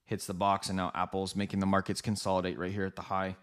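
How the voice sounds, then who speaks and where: A man hosting a live trading stream, giving quick, rambling market commentary, correcting himself and talking straight to his viewers. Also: low-pitched, monotone, clear, resonant tone. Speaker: livestream trading host.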